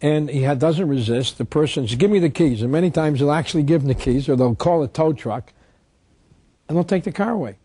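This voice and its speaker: A man's voice: fairly high pitch, a little fast, warm tone, breathy edge, no room sound. A man giving an instructional talk, emphatic, asking rhetorical questions and answering them himself. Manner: reads statutes aloud. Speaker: tax protest lecturer.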